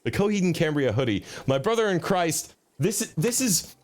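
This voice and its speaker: A man streaming a video game, joking, swearing and talking to his chat with sudden jumps in pitch. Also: sing-song, moderate pace. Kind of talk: casual gaming commentary. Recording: faint background game music.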